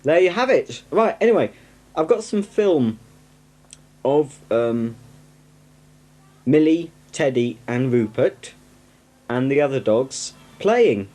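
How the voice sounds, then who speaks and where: Chatty northern English man, mellow voice. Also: mid-range voice, sing-song, takes it slowly, long pauses. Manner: chatty and self-mocking, cheerful rambling asides. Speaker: home video host. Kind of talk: casual rambling home video chat. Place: at home, indoors. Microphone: camcorder microphone on a tripod. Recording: 1990s camcorder home video.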